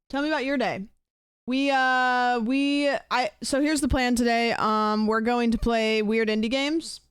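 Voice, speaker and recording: Young woman, streamer, casual rambling chat, smooth clear voice, dry close sound. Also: fairly high pitch, dry recording. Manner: chatty and rambling, thanks viewers for gifts.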